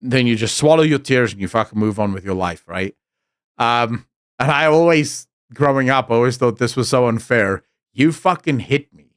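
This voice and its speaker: A man's voice: medium pitch, moderate pace, smooth, dry recording, studio quality. A man with a South African accent, a streamer telling blunt, profane stories in casual chat.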